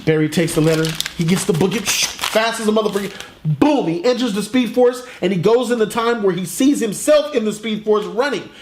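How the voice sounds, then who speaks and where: A man retelling a comic plot in a casual, animated, profane way, as a reviewer. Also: high voice, fairly quick, slight background noise. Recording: roomy echo.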